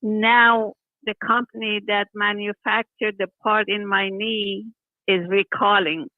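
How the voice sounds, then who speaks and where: A woman's voice: medium pitch, level tone, slow, no echo. An older woman answering a phone call, hesitant and weary as she talks about her troubles. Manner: hesitant, soft-spoken, weary. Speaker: person called by phone. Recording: tinny phone line.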